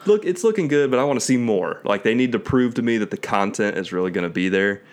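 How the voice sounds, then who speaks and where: A man's voice: mid-range voice, lively intonation, fast talker. A man co-hosting a casual talk show, easygoing and hedging as he thinks aloud. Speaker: podcast co-host. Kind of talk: casual chat about video games.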